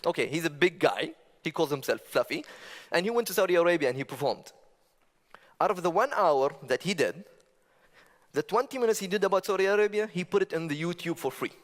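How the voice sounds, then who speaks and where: Lively man speaking in a reverberant hall. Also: fairly high pitch, brisk. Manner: conversational, rhetorical questions, animated asides. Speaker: speaker giving a talk. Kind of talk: stage talk with stand-up humor. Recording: long reverb of a large hall.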